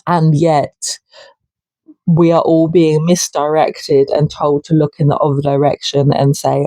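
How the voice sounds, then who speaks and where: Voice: medium pitch, level tone, measured pace, warm tone, no echo. A person giving an impassioned solo monologue, angry and sweary, with mocking asides. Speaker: channel host.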